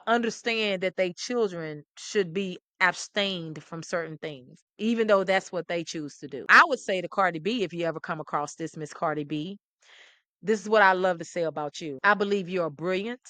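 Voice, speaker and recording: A middle-aged woman host, talking with animated, preachy emphasis and repeating phrases. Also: on the low side, moderate pace, no echo. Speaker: talk show host. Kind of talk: impassioned commentary to camera.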